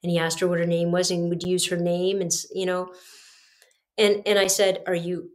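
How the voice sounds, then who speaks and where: This middle-aged woman, the host of a podcast, addresses listeners directly as she earnestly confides a personal story. She speaks at a moderate pace with a fairly low pitch and level tone.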